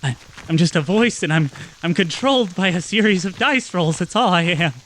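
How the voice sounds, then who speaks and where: A man's voice: high voice, animated, normal speed, a bit bright, slight background noise, pitched above the performer's own voice. A frantic little halfling prisoner who rambles and stammers in a raised, strained voice, as a man puts him on. He trips over his own words and never stops talking. It is a tabletop game character. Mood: ranting.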